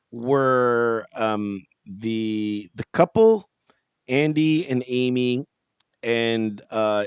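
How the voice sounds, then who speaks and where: A man with a medium-pitched, clean-toned voice and no room sound co-hosts a podcast. In casual chat he tells a rambling story, laughing often.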